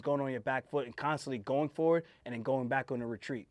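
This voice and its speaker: A man, a host and fighter, giving a casual fight breakdown in an emphatic, animated way and swearing freely. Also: mid-range voice, fast talker, no echo.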